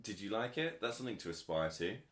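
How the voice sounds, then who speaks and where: A man's voice: lowish voice, big pitch swings, quick pace, fairly bright tone. A man co-hosting a film podcast in casual chat, teasing and arguing, often laughing. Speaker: podcast co-host. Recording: echoey room.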